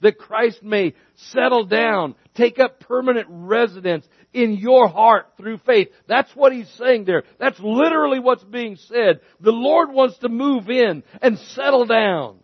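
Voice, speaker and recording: High-voiced folksy preacher. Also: male voice, measured pace, hardly any pauses, husky, no echo, lo-fi sound. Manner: folksy storytelling preacher, rises in pitch for emphasis. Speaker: pastor. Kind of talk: sermon.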